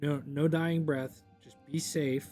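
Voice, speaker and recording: A man's voice: a little high, steady tone, slow, mellow, faint music behind. A man playing a tabletop game, speaking hesitantly in character and often restarting. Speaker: player. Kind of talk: tabletop role-play.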